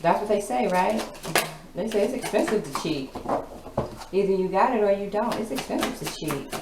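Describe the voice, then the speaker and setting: A woman's voice: medium pitch, lively intonation, normal speed. Blunt, profane woman reading tarot. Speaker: tarot reader. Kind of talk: casual tarot reading to camera. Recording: echoey room with background noise.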